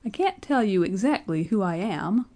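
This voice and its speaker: A woman's voice: mid-range voice, big pitch swings, moderate pace, a little mellow, voice pushed up. A woman voicing a querulous, complaining old man who has just been born, whining and quavering as he speaks. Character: querulous old man, newborn, whiny and demanding.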